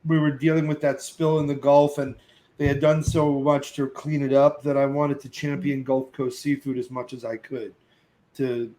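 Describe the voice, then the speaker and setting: A middle-aged man, a podcast guest, telling a lively anecdote, acting out other voices and cursing casually. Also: mid-range voice, normal speed, rough recording. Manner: lively storyteller who acts out other voices and sings snatches; curses casually. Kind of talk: animated storytelling.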